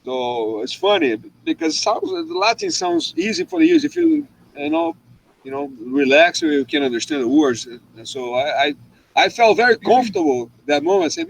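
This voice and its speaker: A man hosts a relaxed live chat over a video call. His voice sits slightly high and swings widely as he tells funny travel stories, stumbling and restarting often. There is some gravel in his tone. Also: moderate pace, rough recording. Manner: animated storytelling with frequent restarts. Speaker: host.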